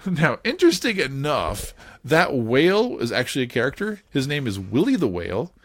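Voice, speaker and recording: A man hosting a casual podcast, talking in a playful, animated way and laughing often. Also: mid-range voice, moderate pace, no echo. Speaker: podcast host.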